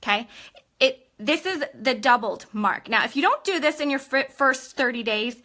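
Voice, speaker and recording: A woman's voice: high-pitched, expressive, moderate pace, bright, forceful tone. A young woman giving an upbeat live-streamed coaching talk as a sales team trainer, chatty and constantly checking in with her listeners.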